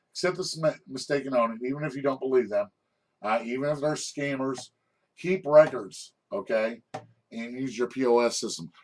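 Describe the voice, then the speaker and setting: A middle-aged man giving an informal lesson on restaurant management, rambling and checking in with "okay?" after most points. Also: medium pitch. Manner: rambling, repeats "okay?" often, frequent restarts.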